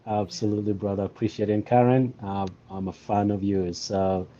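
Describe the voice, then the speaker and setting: Deep, dark-voiced man on a muffled call. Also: level tone, a little fast. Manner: hesitant, full of "you know" and "um". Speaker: guest caller. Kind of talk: casual conversation on a live video call. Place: at home in Colorado. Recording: muffled call audio with faint noise.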